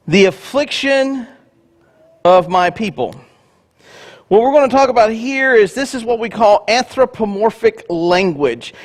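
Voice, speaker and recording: A male pastor giving a conversational sermon with joking asides. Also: extremely high pitch.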